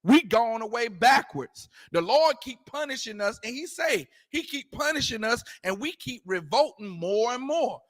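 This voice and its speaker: A man's voice: very high voice, animated, moderate pace, hardly any pauses, a bit bright, no echo, clean studio sound. A man teaching a scripture class, preaching emphatically in colloquial street talk and repeating his points. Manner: emphatic, repetitive, prompts reader to go ahead.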